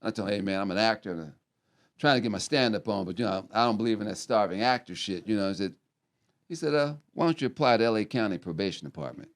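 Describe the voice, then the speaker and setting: A man's voice: fairly low pitch, animated, fast talker. A middle-aged American man telling loose, profane stories as a podcast guest, trailing off and restarting his sentences. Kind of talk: loose rambling storytelling.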